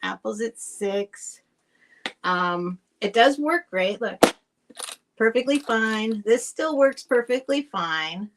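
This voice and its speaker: A woman's voice: on the high side, animated, slow, background noise. A middle-aged woman chatting casually while selling items on a live stream, rambling and thanking buyers by name. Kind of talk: casual live sale chat.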